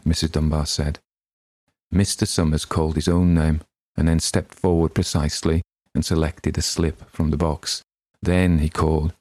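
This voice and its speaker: Man, story reading, very low voice, dry close sound, measured, expressive. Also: no room sound. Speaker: podcast host reading a short story.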